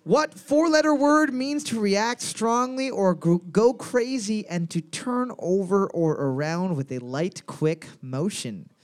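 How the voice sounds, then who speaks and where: A man hosting a casual comedy quiz, playful and quick to laugh, drawing out his questions. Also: sits high. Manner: playful, drawls questions slowly, laughs often. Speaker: quiz host.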